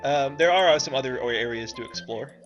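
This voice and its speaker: A man's voice: mid-range voice, a little fast, highs cut off, music in the background. A man co-hosting a let's play, chatting wryly and explaining the game with frequent fillers and restarts. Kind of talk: casual gameplay commentary.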